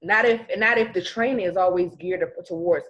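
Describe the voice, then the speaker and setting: A woman co-hosting a casual podcast chat, talking in an animated way and acting out scenarios as she speaks. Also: on the low side, brisk, muffled recording. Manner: animated, acts out scenarios in speech. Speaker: podcast co-host.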